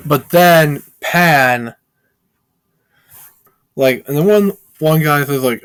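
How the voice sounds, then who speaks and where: A man's voice: a little high, drawn-out words, pauses often, a bit bright, clear, resonant tone, no room sound. A man reviewing a film in a casual, rambling plot recap, heavy with filler words.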